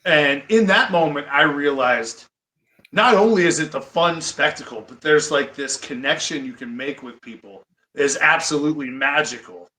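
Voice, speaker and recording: A middle-aged man from the US Midwest, a wrestling guest telling stories in an animated way. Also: a little high, normal speed. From Iowa, US Midwest. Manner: animated, breaks into excited fanboy quotes. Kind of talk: storytelling interview. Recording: echoey studio room.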